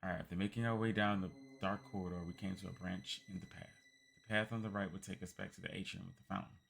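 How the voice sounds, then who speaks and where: A man streaming, reading a text game aloud as a calm bedtime story with quiet asides. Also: deep voice, fast talker, vocal fry, slight background noise.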